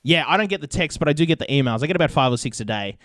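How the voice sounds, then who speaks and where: A man's voice: a little high, expressive, very fast, fairly bright tone, dry recording. A young Australian man hosting a podcast, telling a rambling story with plenty of swearing in casual chat. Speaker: podcast host.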